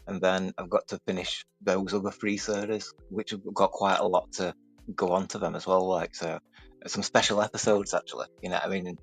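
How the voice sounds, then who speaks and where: A man speaks in a low, gravelly voice as a guest on a casual panel. His talk is halting and full of fillers, with faint music underneath. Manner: halting, filler-heavy, says "you know what I mean". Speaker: guest creator on a stream panel. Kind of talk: casual chat.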